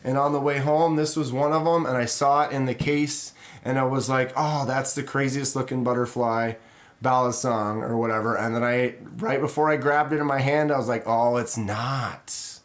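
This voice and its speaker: A man hosting a casual live stream, rambling in a relaxed way and reading viewer comments aloud. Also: mid-range voice, normal speed. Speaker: knife channel host.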